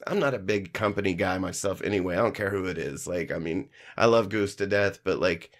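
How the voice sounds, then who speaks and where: Man, lowish voice, animated storyteller, swears freely, acts out the people he quotes. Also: brisk. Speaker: podcast guest, musician. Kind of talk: casual storytelling chat. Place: live-streamed studio.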